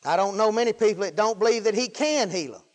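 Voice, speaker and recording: High-voiced fervent preacher. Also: male voice, lively intonation, quick pace. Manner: fervent, rising and falling with hallelujahs. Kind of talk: sermon.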